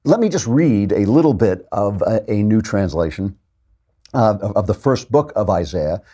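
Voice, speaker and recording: A man's voice: on the low side, expressive, moderate pace, dark tone, husky. A man in his sixties hosting a podcast, talking in a wry, chatty way with frequent fillers and restarts. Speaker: podcast host. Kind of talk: casual monologue with scripture reading.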